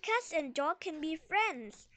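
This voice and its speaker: A woman voicing an excited young boy dog in a children's storybook reading. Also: high-pitched, slow pace, a little hiss or hum, full character voice.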